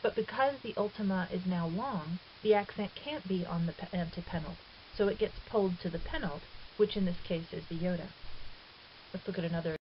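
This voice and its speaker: A woman's voice: on the low side, brisk. A woman teaching Greek in a recorded lecture, patient and methodical, with the odd filler and self-correction. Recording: dull lo-fi recording with faint hiss.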